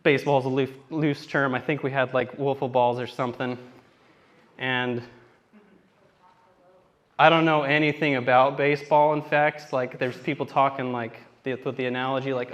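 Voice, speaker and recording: A young man performing stand-up on a theater stage, speaking into a handheld mic. He rambles through self-deprecating stories and slips into acted-out quotes of himself and others, at an everyday pitch. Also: steady tone, normal speed, fairly bright tone. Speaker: stand-up comedian. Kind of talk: stand-up comedy set.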